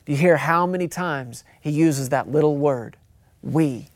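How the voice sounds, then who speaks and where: A man's voice: a little high, moderate pace, dry recording. A man preaching a sermon, talking conversationally, repeating phrases for emphasis and acting out quotes. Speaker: pastor.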